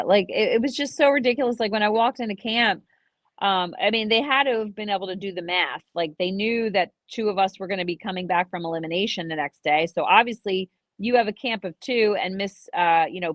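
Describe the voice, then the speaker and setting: A woman's voice: medium pitch, brisk, dry recording. A woman co-hosting a casual aftershow, telling stories and acting out what others said. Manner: animated storytelling, acts out quoted dialogue. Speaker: co-host and former contestant.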